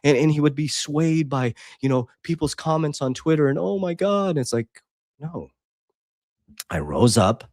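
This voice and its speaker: A man's voice: medium pitch, animated, normal speed, no room sound, clean studio sound. Intense man hosting a livestream. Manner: intense, preachy, swings between loud and quiet; reads out chat comments and Bible verses. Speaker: livestream host. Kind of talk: casual livestream talk.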